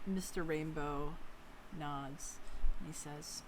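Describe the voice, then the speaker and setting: A woman narrating as game master in a relaxed, hesitant way with many fillers. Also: deep voice, takes it slowly, noisy background.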